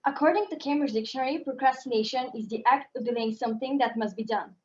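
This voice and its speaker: Woman, student, reading a prepared speech, high voice, muffled call audio. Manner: formal, measured delivery.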